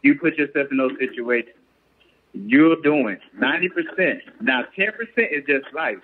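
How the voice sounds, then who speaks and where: Husky man on a tinny phone line. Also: on the high side, animated, normal speed. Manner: earnest, keeps asking "you get what I'm saying". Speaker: professional boxer, guest. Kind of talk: casual chat.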